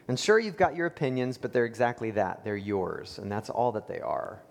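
A man's voice: mid-range voice, very animated, moderate pace, creaky, hardly any pauses. A male pastor preaching a sermon in a conversational storytelling way, with fillers and rhetorical questions. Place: church sanctuary. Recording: long church reverb.

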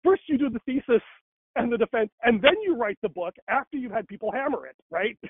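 Rambling man in casual conversation, high voice, tinny phone-line sound. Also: lively intonation, a little fast, breathy edge, dry recording. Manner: rambling, many fillers and restarts.

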